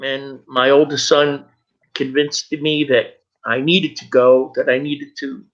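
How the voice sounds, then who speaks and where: A middle-aged man, a guest, telling his personal story with emotion, halting and repeating words as he goes. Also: medium pitch, flat delivery. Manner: halting, stumbles and repeats words when moved. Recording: dull lo-fi recording.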